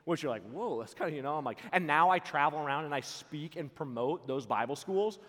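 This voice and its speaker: A young man giving a youth camp sermon, telling a personal story with loud jokes and hushed earnest parts. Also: fairly high pitch, brisk. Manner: acts out voices in quotes, repeats words. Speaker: camp speaker. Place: large camp auditorium. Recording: long hall reverb.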